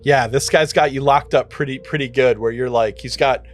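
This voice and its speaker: A man acts as game master for a tabletop game, narrating casually and dropping in lots of filler words. His pitch is medium and his speed normal.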